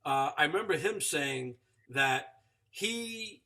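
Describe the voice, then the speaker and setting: Brief: male host, high and bright voice, unhurried, full of reactions. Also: lively intonation. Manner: reacts with quick interjections and laughs. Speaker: interview show host. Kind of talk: casual interview chat.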